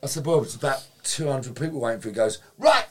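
Male guest, animated raconteur, salty language, acts out quotes. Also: medium pitch, rapid-fire. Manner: animated, swears freely, acts out quotes, laughs while telling. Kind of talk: anecdotal storytelling in casual chat.

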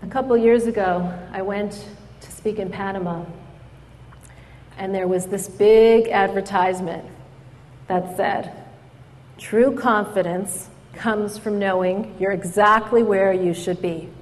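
A woman giving a storytelling speech at an event, lively as she acts out the people in her stories. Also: medium pitch, takes it slowly. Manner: animated storyteller, acts out quoted voices. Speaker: speaker at an event. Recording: hall reverb.

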